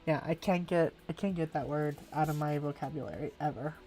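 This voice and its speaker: A rambling, laughing woman, chatting on a live stream as she colors. Her voice sits a little lower than most women's. Soft music plays faintly behind her. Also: brisk. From California, USA. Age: 40s. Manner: chatty, rambling, says "like" a lot, laughs often. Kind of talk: casual live-stream chat while drawing.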